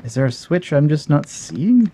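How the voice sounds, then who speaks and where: A man's voice: fairly high pitch, big pitch swings, moderate pace, warm tone, a little hiss or hum. Wry man narrating his own gameplay. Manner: wry, self-deprecating, thinking aloud. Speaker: let's play host. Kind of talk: casual gameplay commentary.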